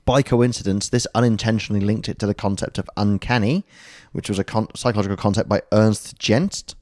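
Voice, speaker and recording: A man's voice: fairly low pitch, a little fast, darkish tone, no echo, clean studio sound. A man co-hosting a podcast, explaining a concept in casual chat, rambling and correcting himself with jokes along the way. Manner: jokey, rambling, self-correcting. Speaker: podcast co-host.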